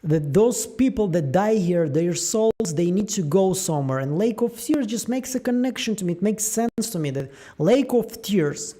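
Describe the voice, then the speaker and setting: High-voiced man musing over show theories. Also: moderate pace, few pauses. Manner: musing aloud, animated, trailing fillers. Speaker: show theory channel host. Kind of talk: casual theory breakdown.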